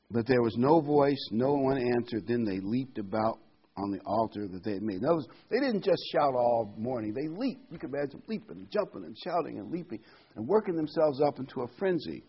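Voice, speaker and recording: A man's voice: medium pitch, sing-song, normal speed, husky, lo-fi sound. A man preaching an informal sermon, talking conversationally and telling the story with restarts and asides.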